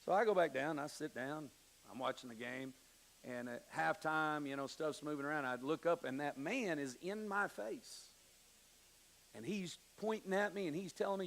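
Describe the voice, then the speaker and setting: A middle-aged man preaching from a church pulpit, his voice sitting high for a man and carrying a gravelly edge. He swings from hushed scripture reading to emphatic declarations and acts out little stories with quoted voices. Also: lively intonation, moderate pace, slight background noise, poor audio. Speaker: pastor. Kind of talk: sermon. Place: church sanctuary.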